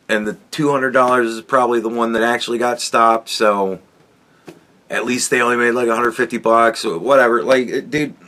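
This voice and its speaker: A man's voice: mid-range voice, pushed and bright. A man hosting a podcast, telling a rambling, profane story in a casual monologue. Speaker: podcast host.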